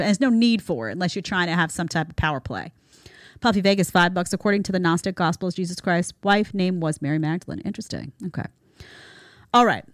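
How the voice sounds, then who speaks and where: Lady host riffing casually, lowish voice, dry close mic. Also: dry recording. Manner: animated, acts out quotes with put-on voices; lively, chatty. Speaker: show host. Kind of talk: casual commentary.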